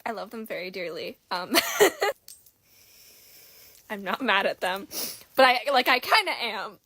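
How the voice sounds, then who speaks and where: A woman's voice: mid-range voice, sing-song, measured pace, pushed and bright, no room sound. A woman in a late-night casual vlog, rambling emotionally and swearing freely into her phone camera. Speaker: content creator.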